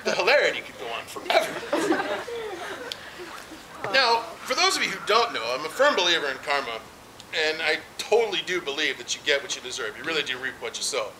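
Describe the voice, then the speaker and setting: A man's voice: a little high, sing-song, a little fast, crowd noise. A man performing rambling stand-up comedy stories at an outdoor barbecue, with frequent fillers. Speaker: amateur stand-up comic. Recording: noisy outdoor party recording.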